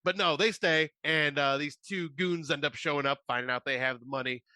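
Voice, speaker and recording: A man's voice: fairly high pitch, steady tone, a little fast, bright, forceful tone, no echo. A man co-hosting a podcast, giving a profane, sarcastic recap of a movie in casual chat. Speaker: podcast co-host.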